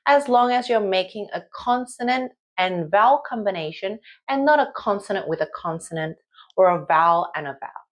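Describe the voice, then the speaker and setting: Woman, Korean accent, language teacher, unhurried delivery, careful syllable-by-syllable drills. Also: medium pitch. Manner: reads syllables aloud one by one in careful drill rhythm. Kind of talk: slow, clear beginner lesson with listen-and-repeat drills.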